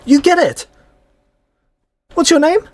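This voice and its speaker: A man's voice: very high-pitched, lively intonation, slow pace, no room sound, voice pushed up, heavily acted. A man voicing a panicky, unhinged male alchemist in a tabletop game, shifting between frantic outbursts and nervous bargaining. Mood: curious. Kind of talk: tabletop role-play voice.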